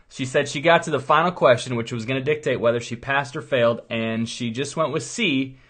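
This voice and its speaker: A man's voice: mid-range voice, a bit bright. A middle-aged man, a chiropractor, giving a rambling, earnest motivational talk in a casual, storytelling way. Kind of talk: motivational monologue.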